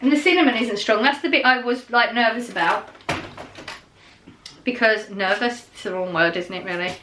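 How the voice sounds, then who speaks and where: A woman's voice: on the high side, normal speed, background noise. Chatty middle-aged woman vlogging. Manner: chatty and rambling, with many fillers and restarts. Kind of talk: casual chat to camera.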